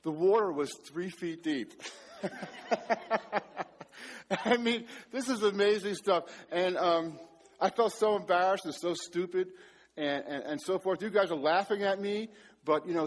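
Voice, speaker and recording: A middle-aged man preaching a sermon, telling a story with self-mocking humor. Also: high-pitched. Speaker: pastor.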